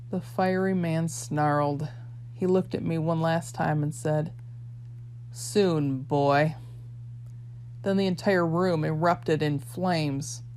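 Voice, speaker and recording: Woman reading an audiobook, lowish voice, steady storyteller pace, slight hum behind. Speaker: audiobook reader. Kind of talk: scripted audiobook narration.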